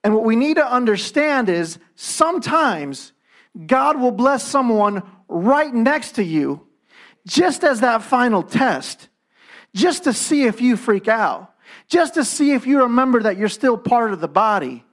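A man's voice: extremely high pitch, big pitch swings, a little slow, a bit bright. A man preaching a sermon in a conversational way, acting out quoted voices as he goes. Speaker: pastor.

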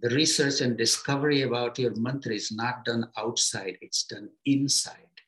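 A man teaching his students on the spiritual path, speaking in a middle-pitched, gentle voice. He sets out short phrases one at a time with pauses between them and leans on simple everyday comparisons to keep his teaching encouraging. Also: steady tone, rough recording.

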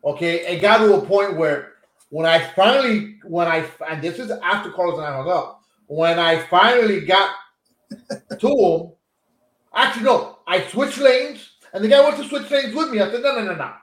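A man's voice: high-pitched, normal speed. A man co-hosting a casual podcast chat, telling a story with lots of swearing. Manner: animated storyteller, swears freely. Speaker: co-host. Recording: echoey room.

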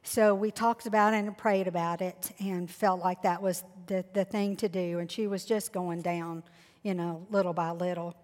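A woman's voice: on the low side, fairly even intonation, normal speed, darkish tone. A woman, sharing a heartfelt faith testimony as a guest. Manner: earnest, heartfelt storytelling. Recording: long hall reverb.

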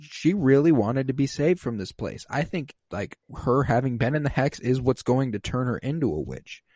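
A man on a casual podcast, recapping an episode and acting out quoted lines with sudden jumps in pitch. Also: sing-song, moderate pace, darkish tone, slightly rough, no room sound. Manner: recaps plot, acts out quoted lines in a raised voice.

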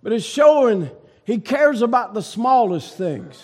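A man preaching a sermon, shouting in rising bursts and then dropping low and soft. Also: big pitch swings, a little slow.

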